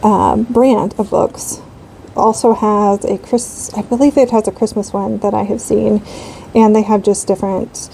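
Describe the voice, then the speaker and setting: Woman in her 30s rambling about coloring, gravelly warm voice, faint hum behind. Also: mid-range voice, steady tone, a little slow, rough recording. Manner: rambling, chatty, many fillers. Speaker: coloring channel host. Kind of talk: casual chat while coloring.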